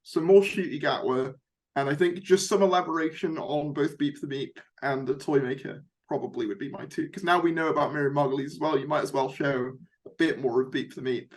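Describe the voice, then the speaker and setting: A man's voice: fairly high pitch, steady tone, brisk. A young man hosting a casual fan discussion, chatty and rambling with lots of fillers. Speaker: YouTube host.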